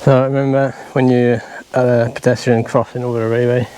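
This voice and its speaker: A man's voice: mid-range voice, level tone, a little fast, mellow. A Welsh man giving casual, self-mocking commentary while hiking outdoors, hot and weary from the heat. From Wales. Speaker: walking vlogger. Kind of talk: casual walking commentary to camera. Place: outdoors in rural fields and paths. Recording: outdoor ambience noise behind the voice.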